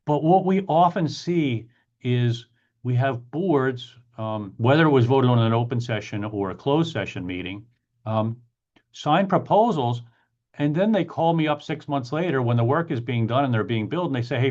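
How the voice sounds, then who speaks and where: A man's voice: medium pitch, darkish tone. Emphatic male attorney, lo-fi stream. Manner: emphatic, repeats key points, acts out clients in quick asides. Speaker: attorney hosting a monthly Q&A. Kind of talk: casual explanatory talk answering chat questions.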